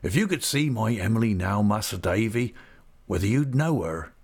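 A man voicing a gentle, sorrowful older fisherman, talking slowly and earnestly in a homely way. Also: on the low side, lively intonation, husky. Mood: wistful. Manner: slow, earnest, homely storytelling. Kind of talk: audiobook character reading.

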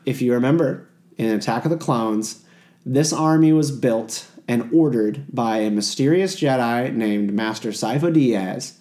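Male podcast host, mid pitch, brisk and chatty. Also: warm tone. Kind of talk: casual podcast chat.

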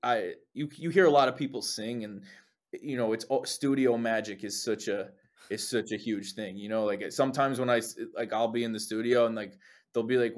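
A young lead singer from New Jersey chats casually as an interview guest, speaking briskly at medium pitch. He's an animated storyteller who swears often and acts out what people said.

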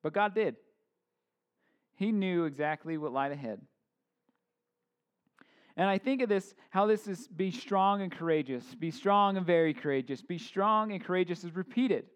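Thirtysomething guy preaching, kinda high voice, super casual, lots of "like" and "you know", cracks jokes. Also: expressive, moderate pace, pauses often. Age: 30s. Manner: informal, joking asides, many fillers and restarts. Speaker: pastor. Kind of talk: casual conversational sermon.

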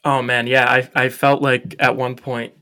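A young man co-hosting a casual film podcast, joking and animated with lots of fillers. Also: mid-range voice, a little slow. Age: young adult. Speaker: podcast co-host. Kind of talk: casual film review chat.

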